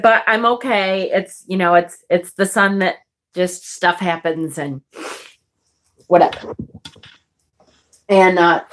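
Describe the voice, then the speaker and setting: Female vlogger, unhurried chatty storyteller, frank and profane. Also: mid-range voice. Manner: chatty, swearing, laughing often. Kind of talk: casual personal storytelling.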